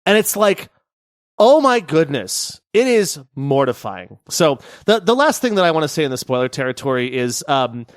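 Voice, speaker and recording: Male podcast co-host, animated and quick to laugh, slightly high-pitched, recorded dry. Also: no room sound. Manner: chatty and animated, laughs easily. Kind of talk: casual chat.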